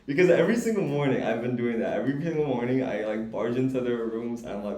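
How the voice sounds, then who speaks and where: A man's voice: mid-range voice, expressive, fast, hardly any pauses, darkish tone. A young man chatting as a podcast co-host, rambling through a story with laughs and restarts. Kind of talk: casual chat. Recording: roomy echo.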